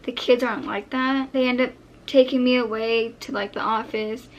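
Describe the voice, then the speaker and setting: Animated young woman telling a storytime. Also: fairly high pitch, normal speed, slight background noise. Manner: animated retelling, acting out her own past lines. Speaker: vlogger. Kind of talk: casual storytime.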